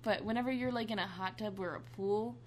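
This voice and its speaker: Female co-host, casual and blunt, teasing banter, mid pitch. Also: fast talker, a little hiss or hum. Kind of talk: casual chat.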